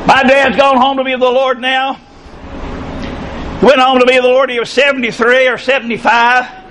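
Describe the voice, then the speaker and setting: A man in his sixties preaching a sermon, often breaking into passionate shouted emphasis. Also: very high voice, level tone, moderate pace, slight background noise, low-quality recording. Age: 60s. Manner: impassioned, bursts into shouting emphasis.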